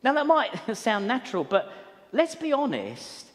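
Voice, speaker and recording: Lively high-voiced preacher. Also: male voice, unhurried. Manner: earnest storytelling with frequent repeated words. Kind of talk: sermon. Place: church hall. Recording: long hall reverb.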